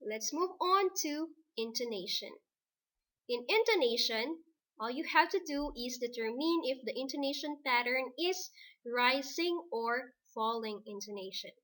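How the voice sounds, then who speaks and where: A woman teacher with a Filipino English accent gives a recorded lesson. She talks slowly and deliberately, spelling things out one at a time. Her voice sits a little high. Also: lively intonation, fairly bright tone. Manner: slow, deliberate dictation.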